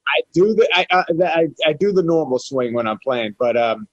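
A man speaks as a guest on a radio show, stumbling through restarts in a casual, halting way. His voice is middle-pitched and the sound is dry and close. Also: animated, no echo, dull audio. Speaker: actor guest.

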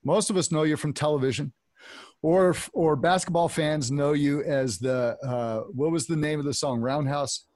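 A man's voice: fairly high pitch, moderate pace, darkish tone, no echo, studio quality. A man hosting an interview, asking long, enthusiastic questions that stumble and restart. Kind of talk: casual interview.

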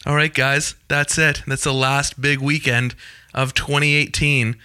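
Man, podcast host, quick joking delivery, crisp bright tone, dry close sound. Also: medium pitch, level tone, no room sound. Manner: fast-talking, joking, self-deprecating. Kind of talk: casual podcast chat and event plugs.

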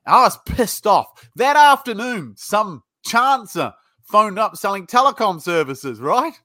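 Blunt, bright-voiced British man. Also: high-pitched, big pitch swings, measured pace, no room sound, clean studio sound. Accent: British English. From United Kingdom. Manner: blunt, swears, acts out both sides of calls. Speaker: sales trainer, guest. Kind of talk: podcast interview, storytelling.

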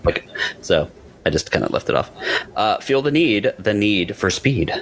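A man's voice: fairly low pitch, big pitch swings, normal speed, slight background noise. A man co-hosting a podcast, chatting casually and playfully calling out movie chants. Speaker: podcast co-host. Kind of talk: casual chat.

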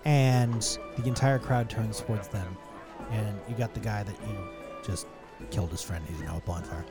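A man's voice: fairly low pitch, moderate pace, loud music behind the voice. A man narrating a tabletop game as game master, casual and easygoing, with fillers.

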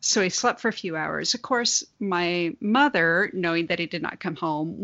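Woman, forties, podcast co-host, candid, casual swearing, low voice, gravelly fry. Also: fairly bright tone, dry recording, muffled recording. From grew up on a farm. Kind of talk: casual chat.

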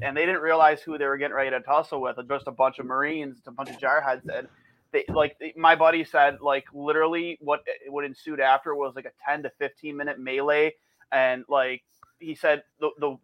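A man's voice: medium pitch, little pitch movement, normal speed, dry recording, highs cut off. A man chatting as a podcast guest, telling rambling stories with restarts, swearing and laughter. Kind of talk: casual chat.

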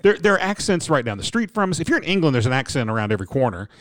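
A man co-hosting a podcast, chatting casually in an animated, rambling and jokey way. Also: mid-range voice, very fast, dry recording, studio quality. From United States. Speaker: podcast co-host. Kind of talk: casual chat.

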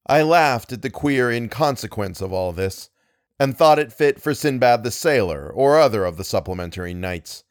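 Expressive male storyteller, lively pitch, dry close sound, measured reading. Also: dry recording. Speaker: audiobook reader. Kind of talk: scripted literary narration.

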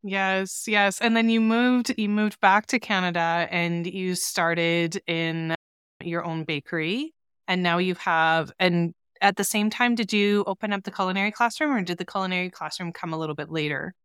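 Woman podcast host; smooth, clear tone, dry sound, encouraging questions. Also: lowish voice, steady tone, normal speed, a bit bright, dry recording. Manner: encouraging, asks follow-up questions. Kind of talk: casual interview.

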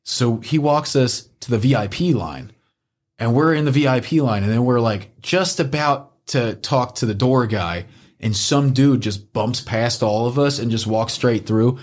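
Brief: man, mid-range voice, loose podcast storyteller, animated and profane. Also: medium pitch, measured pace. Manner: animated, swears often, acts out quotes. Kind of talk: casual storytelling.

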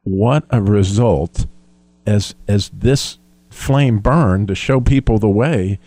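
A man's voice: fairly low pitch, takes it slowly, mellow, dry recording. A man co-hosting a faith discussion, earnest and reflective, with frequent restarts. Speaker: co-host.

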